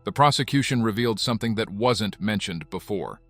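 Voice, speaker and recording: Measured, low-voiced male documentary narrator. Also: soft background music. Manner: even, measured storytelling. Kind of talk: scripted narration.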